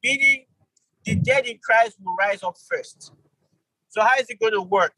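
A man teaching an online Bible study, animated, with sudden jumps in pitch for emphasis and quick apologetic asides. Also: husky, dry recording, poor audio.

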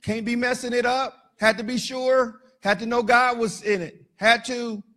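High, bright-voiced preaching man. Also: a little slow. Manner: animated, shouting for emphasis, joking with the congregation. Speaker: pastor. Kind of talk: sermon.

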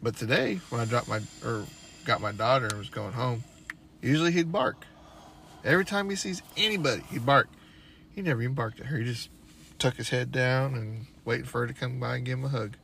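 Young man, podcast co-host, bright edgy tone, acts out every quote with swearing. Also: mid-range voice, a little fast, creaky, a little hiss or hum. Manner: animated storyteller, acts out quotes, swears freely. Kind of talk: casual chat.

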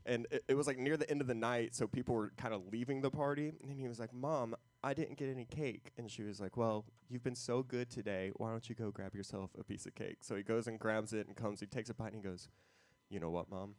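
A man's voice: medium pitch, fairly even intonation, a little fast, a little mellow, dry recording. A man chatting casually on a podcast, easygoing and laughing often as he tells a story.

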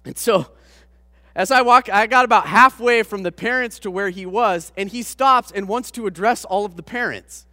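A man with a high, bright voice tells a sermon story with lively, self-mocking humor. His voice carries a long reverb, as from a large hall. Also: normal speed, studio quality. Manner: animated anecdote with self-deprecating humor. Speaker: pastor.

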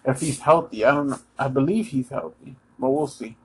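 An American man runs through his weekly football picks in a loose, unscripted way. He stops and restarts often and fills gaps with ums. His pitch sits in a middle range for a man. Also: darkish tone, a little hiss or hum, poor audio. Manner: halting, many ums and restarts; Eagles fan, talks straight to listeners. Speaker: sports vlogger giving picks. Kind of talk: casual predictions monologue.

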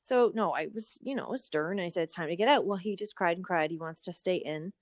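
A woman in her thirties co-hosting a podcast, chatting casually and telling animated stories. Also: lowish voice, normal speed, dry recording, clean studio sound. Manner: animated storytelling, acts out inner voices. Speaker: podcast co-host. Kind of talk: casual chat.

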